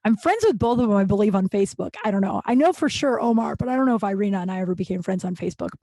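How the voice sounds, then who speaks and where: A thirtysomething podcast host from Colorado races through a personal story, candid, self-mocking and full of swearing. Her voice is mid-range and dark-toned with lively intonation, and there is no room sound.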